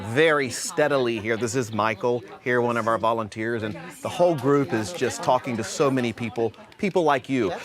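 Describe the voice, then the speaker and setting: Energetic man urging viewers to call. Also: medium pitch. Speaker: phone bank host. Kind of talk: live TV pledge pitch. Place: TV studio.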